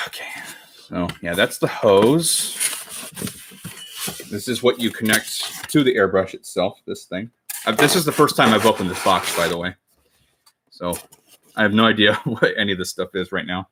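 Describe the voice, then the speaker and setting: With background noise audible, a US man in his twenties talks at a moderate pace in a lowish voice. He's crafting on a cosplay livestream, casually chatting with viewers and often rambling or correcting himself.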